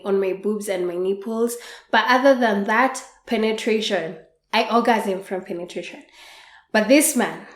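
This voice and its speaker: Woman podcast host, frank and leisurely storyteller, slow delivery, echoey room sound. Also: medium pitch. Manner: frank, unhurried, with soft laughs. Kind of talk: candid storytelling monologue. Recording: roomy echo.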